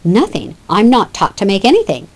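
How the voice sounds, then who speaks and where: A woman's voice: medium pitch, expressive, normal speed, lightly acted, rough recording. A woman reading the lines of a proud, sarcastic young male hero from an old verse play.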